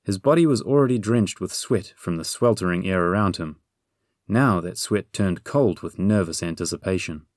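Male audiobook narrator, low, measured, dry close read. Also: dry recording. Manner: measured, gently humorous storytelling. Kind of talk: scripted fantasy narration.

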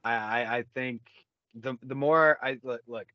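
A man's voice: medium pitch, unhurried, no room sound, dull audio. A man co-hosting a casual sports podcast, cursing freely and repeating words as he talks. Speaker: podcast co-host.

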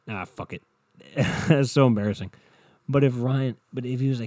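Profane rambling podcast guy, dark tone. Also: mid-range voice, moderate pace, no echo. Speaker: podcast host. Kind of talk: solo podcast rant.

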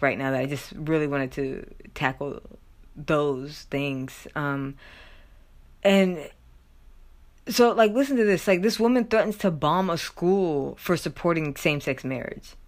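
A woman talks through a news story in a loose, chatty vlog style, with plenty of fillers and asides. Her voice sits a little low for a woman, and she swings up loudly when she reads out quotes. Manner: chatty, filler-heavy, loud animated quotes and laughter. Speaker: commentary vlogger. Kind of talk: casual news commentary, reading stories aloud.

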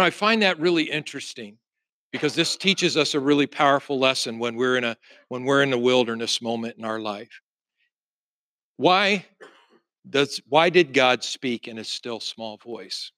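A man's voice: medium pitch, bright, forceful tone, no echo. A male pastor preaching a sermon, reading scripture aloud and building emphasis through repeated refrains.

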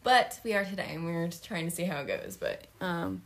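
A woman's voice: fairly low pitch, big pitch swings, a little fast. A young woman co-hosting a podcast in casual chat, rambling with lots of fillers and giggles. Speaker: podcast co-host.

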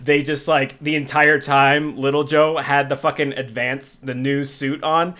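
Bright, clear-voiced young man chatting. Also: mid-range voice, level tone, a little slow. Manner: rambling, profane storytelling with many restarts. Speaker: podcast host. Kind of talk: casual chat.

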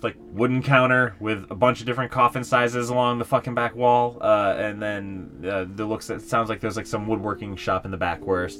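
A man's voice: on the low side, fairly bright tone. A man narrating as game master in a casual, rambling way with lots of fillers.

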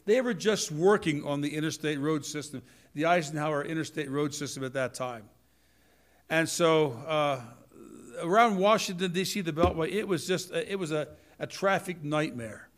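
An older man delivering a church sermon with a somewhat high voice. He preaches in a folksy, animated manner, swinging from quiet asides to loud declarations. He often turns straight to the congregation. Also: moderate pace.

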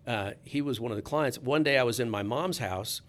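A man's voice: medium pitch, fairly quick. A man, a sports reporter, telling a casual anecdote in a chatty, easygoing way with frequent restarts.

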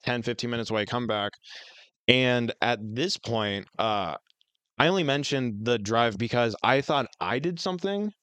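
Brief: male podcast co-host, casual rambling storyteller, smooth voice, dry close mic. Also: mid-range voice, normal speed, fairly bright tone, dry recording. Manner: rambling, heavy on fillers and swearing.

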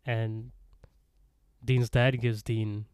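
A man's voice: mid-range voice, flat delivery, drawn-out words, a little mellow, smooth, dry recording, clean studio sound. A man co-hosting a podcast, recapping an episode in a rambling, casual way and acting out the characters' lines with laughs. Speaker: podcast co-host.

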